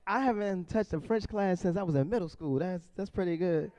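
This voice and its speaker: A man performs stand-up for a room of seniors, joking with people in the crowd. His voice sits a little high for a man. The sound is dry and close, with no room around it. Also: a little fast, mellow, no echo. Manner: playful, chatty crowd work, often laughing. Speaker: comedian performing for a seniors group. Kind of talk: stand-up comedy with crowd work.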